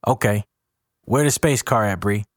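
A cocky young tough who talks down to everyone in street slang, played by a man. His voice sits low and plain and is recorded dry. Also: normal speed, no room sound, lightly acted. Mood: mocking.

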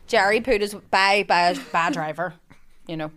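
Lively Northern Irish woman telling stories. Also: medium pitch, moderate pace. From Belfast, Northern Ireland. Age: young adult. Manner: lively storyteller, swears freely. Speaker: podcast co-host. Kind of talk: casual chat.

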